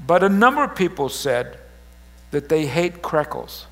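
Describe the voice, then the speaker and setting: A middle-aged man preaching a humorous sermon as pastor, joking and teasing his congregation in an animated way. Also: a little high, a little slow. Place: church service.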